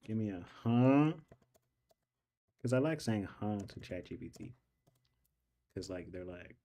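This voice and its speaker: A young man streams himself studying calculus, talking to his viewers in a loose, casual way. His voice is mellow and dark. He repeats his questions aloud, working through each step until it makes sense. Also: low voice, vocal fry, slight background noise.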